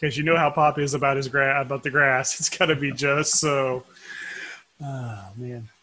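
A man's voice: mid-range voice, fairly even intonation, normal speed, pushed and bright. A middle-aged man co-hosting a podcast in casual chat, rambling and chuckling as he goes. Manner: rambling, chuckling, self-interrupting. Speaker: podcast co-host.

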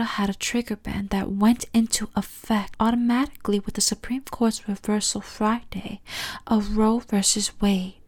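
A woman hosting her own opinion podcast alone, sassy and sarcastic, calling the listener honey and darling, cussing freely and often dropping into a half-whispered aside. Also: fairly high pitch. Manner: cusses freely. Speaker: podcast host.

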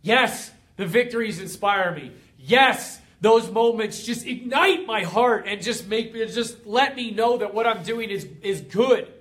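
A man with a notably high speaking voice delivers an energetic motivational talk. He speaks as a coach to his community, fired up and emphatic, and stacks repeated phrases one after another for effect. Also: unhurried, hardly any pauses.

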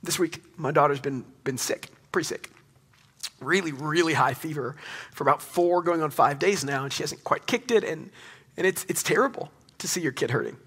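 A man's voice: on the high side, moderate pace, fairly bright tone, breathy edge. A young man preaching a sermon to a congregation, earnest and conversational, with emphatic rising questions. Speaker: pastor.

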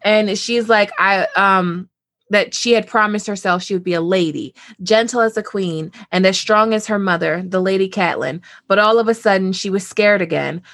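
A woman's voice: mid-range voice, normal speed, a bit bright, no room sound. Casting: young woman co-host, casual and profane, dry studio mic. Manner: chatty, profane, many "like"s. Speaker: podcast co-host. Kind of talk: casual book discussion.

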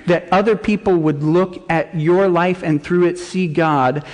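A man's voice: sits high, steady tone, a little slow. A man, a middle-aged pastor, preaching a sermon with earnest intensity, voicing prayers as rising cries. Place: church sanctuary. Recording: long church reverb.

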